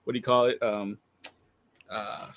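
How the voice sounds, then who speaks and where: Halting man, dry mic. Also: fairly low pitch, level tone, a bit bright, no echo. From United States. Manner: halting, many restarts and fillers, says man and dude. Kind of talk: casual livestream chat.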